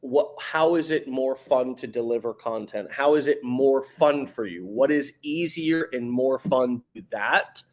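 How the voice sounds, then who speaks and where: A man's voice: mid-range voice, measured pace, few pauses, a little mellow. A man hosting a podcast in casual motivational talk, emphatic and slangy, stumbling and repeating words as he gets going. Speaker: podcast host.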